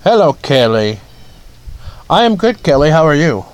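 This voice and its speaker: A man's voice: a little high, sing-song, moderate pace, low-quality recording. A man from Ohio hosting a casual livestream from his front porch, rambling, chuckling often and greeting viewers by name. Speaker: livestream host.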